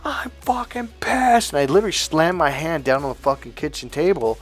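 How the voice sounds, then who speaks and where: A man's voice: on the high side, quick pace, faint music behind. A man giving a blunt, profane coaching monologue on dating, emphatic and acting out quoted lines.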